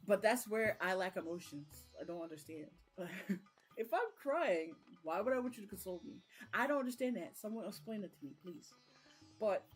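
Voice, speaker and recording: A woman's voice: medium pitch, slightly rough. A young woman recapping a book chapter in a rambling, chatty way, full of fillers, on a casual live stream. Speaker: book vlogger.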